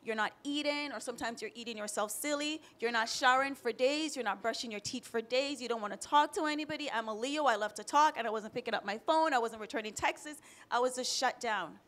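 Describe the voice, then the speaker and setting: Woman from Jamaica in her thirties, higher voice, candid and emotional, for a personal panel story. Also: brisk, hardly any pauses, a bit bright. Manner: candid, emotional, close to tears at times.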